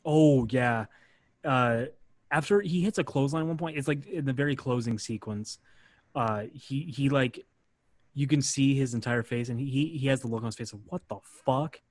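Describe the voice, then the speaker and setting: A man's voice: medium pitch, normal speed, dry recording. A man hosting a podcast, casually narrating a match play by play with lots of "uh" fillers. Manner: relaxed, filler-heavy narration. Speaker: podcast host.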